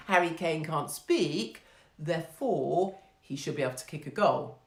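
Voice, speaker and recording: A woman's voice: deep voice, lively intonation, slow pace. An English woman hosting her own online show, talking in a casual monologue and keeping up a brash, sarcastic, profane patter, laughing at her own jokes. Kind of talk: casual monologue on a live stream. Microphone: phone microphone. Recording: roomy echo.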